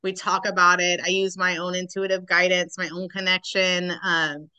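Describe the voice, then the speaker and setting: Bright-voiced woman, earnest healer. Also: lowish voice, little pitch movement, normal speed, clean tone. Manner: earnest, affirming, spiritual wording. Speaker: guest, Reiki practitioner. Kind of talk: casual conversation.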